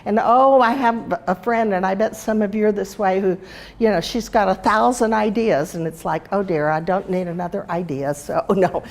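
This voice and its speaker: An older woman teaches in a relaxed, chatty way, drifting into family stories and a children's tale. Her mid-pitched voice carries a gravelly edge. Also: normal speed. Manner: chatty, anecdotal, warm storyteller with small laughs. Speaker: speaker and teacher. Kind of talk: casual teaching talk with storytelling.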